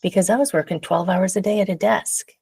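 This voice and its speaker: A woman guest telling a personal story in a casual interview, animated and laughing often, acting out her own past voice. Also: medium pitch, brisk, creaky, slightly rough, no room sound.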